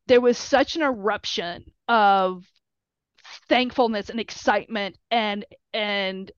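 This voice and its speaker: A woman's voice: on the high side, no echo. Chatty middle-aged mother, dull dry sound. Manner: chatty, emotional, full of fillers and quoted dialogue. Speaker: mother of a college football player. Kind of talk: casual conversational storytelling.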